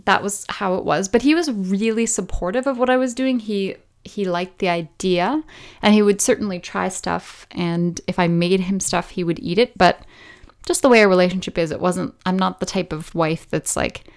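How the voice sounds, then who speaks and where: A woman, hosting a podcast and telling a personal story in a chatty, animated way, laughing easily. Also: mid-range voice, moderate pace. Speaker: podcast host.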